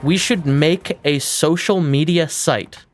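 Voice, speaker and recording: A young man streaming a game, talking casually and excitedly, swearing freely. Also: a little high, takes it slowly, faint music behind. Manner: baby-talk to his cat. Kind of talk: casual live-stream commentary.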